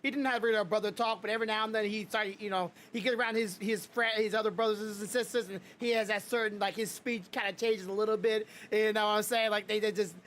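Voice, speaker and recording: A man's voice: high-pitched, fairly even intonation, fast, hardly any pauses, a bit bright, a little hiss or hum. A man hosting a podcast, talking in a loose, rambling way and laughing often between points. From Louisiana and Mississippi, USA. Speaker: podcast host. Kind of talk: casual podcast chat.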